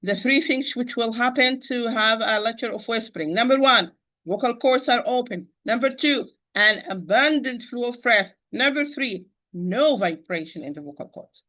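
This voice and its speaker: A woman's voice: fairly high pitch, moderate pace, pushed and bright. A woman teaching Quran recitation in an online lesson, patiently repeating points and addressing her listeners as dear sister.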